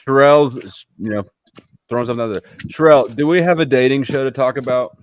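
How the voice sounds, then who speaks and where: A man's voice: medium pitch, fast, dry recording. A man on an online panel teasing the others in casual, wry chat. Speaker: panel guest.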